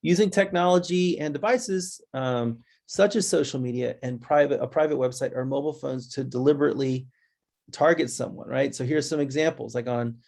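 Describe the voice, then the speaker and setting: A gravelly, somewhat mellow man runs a webinar, talking to the audience as guys. He sounds conversational and restless, and his pitch shifts quickly when he impersonates children.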